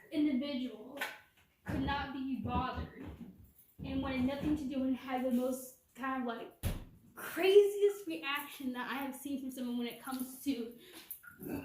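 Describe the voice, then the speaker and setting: Rambling high-voiced woman in an echoey room. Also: a little mellow. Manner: rambling, heavy use of "like" and "you know". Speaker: vlogger. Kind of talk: casual storytime rant. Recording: echoey room, from a distance, faint noise.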